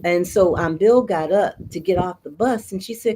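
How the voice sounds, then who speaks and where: A woman's voice: fairly low pitch, normal speed, warm tone, a little hiss or hum, poor audio. A woman storyteller telling stories in an interview. She talks expressively and mixes Spanish words into her English. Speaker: storyteller guest.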